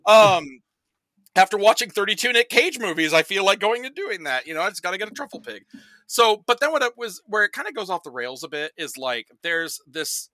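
A man talks fast and loose on a podcast, swearing freely and stringing together asides full of "like". His voice is very bright and a little high, with a close, dry sound. He jumps into quick bits of mimicry to act out scenes. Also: very animated, dry recording. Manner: rambling and profane, full of "like" and acted-out quotes. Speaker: podcast guest reviewing movies. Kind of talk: casual chat, animated movie recap.

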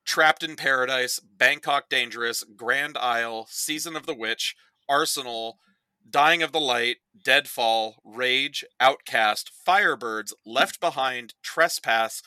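Bright, animated man on a podcast. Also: medium pitch, slow pace, clear, resonant tone, no room sound. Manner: animated, profane storytelling. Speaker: podcast guest. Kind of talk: casual chat.

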